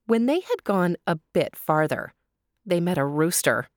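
Slow, lively woman reading a story. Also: on the low side, no room sound, clean studio sound.

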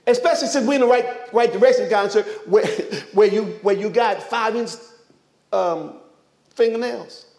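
A pastor with a notably high, darkish-toned voice delivers a sermon to his congregation at normal speed. He's emphatic and energetic, peppering the talk with rhetorical questions and joking asides.

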